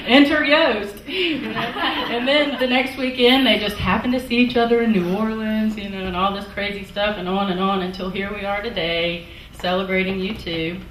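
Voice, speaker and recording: A woman's voice: medium pitch, steady tone, normal speed, hardly any pauses, a crowd in the background. A middle-aged woman from the American South giving a chatty, laughing wedding toast. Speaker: wedding guest. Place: wedding reception hall. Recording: echoey hall from far off, clear background noise.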